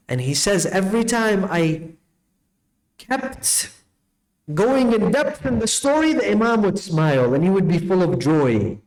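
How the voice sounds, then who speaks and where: A man telling a story in a night sermon, acting out the dialogue with sweeping changes in his voice. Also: poor audio. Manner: animated storyteller, acts out dialogue with big pitch swings. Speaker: preacher.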